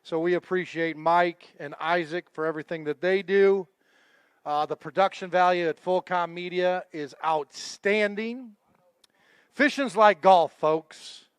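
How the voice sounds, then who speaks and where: A man's voice: high-pitched, a little slow, clear, resonant tone, no echo, clean studio sound. A man emceeing a fishing tournament weigh-in live, chatting and joking with the anglers and crew. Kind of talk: live event emceeing with casual banter.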